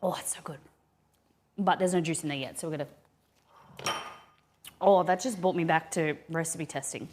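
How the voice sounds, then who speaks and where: Woman host of a live cooking stream, lowish voice, loose rambling delivery, faint kitchen hiss behind. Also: moderate pace, long pauses. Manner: rambling, thinking aloud with many restarts. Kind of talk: casual live cooking chat. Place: home kitchen.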